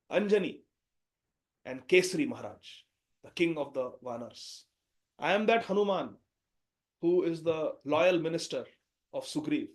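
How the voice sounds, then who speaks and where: A man voicing an elder monkey god who declares his identity in slow, solemn lines. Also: on the high side, natural voice. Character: mighty elder monkey god, calm and teasing.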